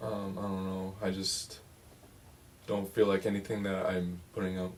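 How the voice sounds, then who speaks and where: A man asking for help as a songwriting student, speaking hesitantly with halting phrases. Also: low-pitched, monotone, distant mic, slight background noise. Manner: hesitant, halting, soft-spoken. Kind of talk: casual one-on-one lesson.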